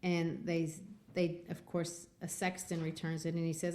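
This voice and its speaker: Woman teaching literature, slightly low voice. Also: level tone, normal speed, warm tone. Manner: enthusiastic, retelling scenes with quotes. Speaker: podcast host and literature teacher. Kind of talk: literature discussion podcast.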